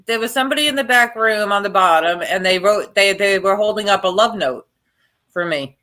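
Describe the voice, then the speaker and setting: A woman's voice: medium pitch, a little fast, bright, forceful tone. A woman chatting casually on a live stream, jumping in often. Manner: chatty, interjecting.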